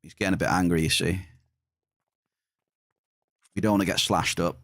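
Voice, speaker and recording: A man's voice: sits low, fairly even intonation, normal speed, pauses often, fairly bright tone, dry recording, clean studio sound. Playful man streaming a game. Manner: playful, teasing banter with chat. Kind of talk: live game stream commentary.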